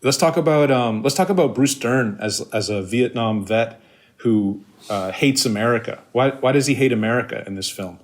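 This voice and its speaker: A man's voice: mid-range voice, moderate pace. Casual, swearing man talking movies. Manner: loose, profane, filler-heavy. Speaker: podcast co-host. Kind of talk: casual film chat.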